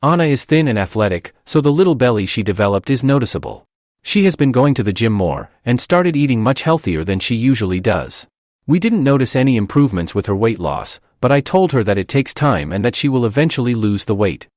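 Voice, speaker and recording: A man's voice: medium pitch, big pitch swings, fairly quick, darkish tone, no echo, clean studio sound. A man giving a scripted narration of an online post, reading it expressively. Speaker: story narrator.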